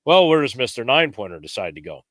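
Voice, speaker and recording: A man telling a lively, casual story as a podcast guest, raising his pitch when he acts out what others said. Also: fast, no room sound, studio quality.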